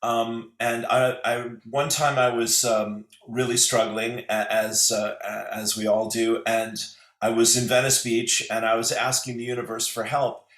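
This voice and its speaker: A man's voice: medium pitch, flat delivery, unhurried, fairly bright tone, echoey room. A man speaking as a guest on an online call, rambling and hesitant, with many fillers and restarts. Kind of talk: casual spiritual conversation. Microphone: video call.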